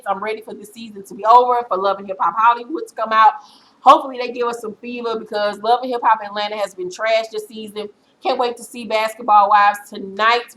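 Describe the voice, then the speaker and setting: A woman vlogger in her thirties giving a blunt, profane, animated recap of a reality show episode. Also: fairly high pitch, low-quality recording.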